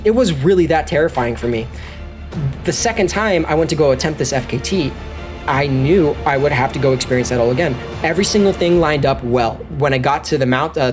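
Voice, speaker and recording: A man telling a story as a podcast guest, animated and excitable, talking straight to the listeners. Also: mid-range voice. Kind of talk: casual storytelling.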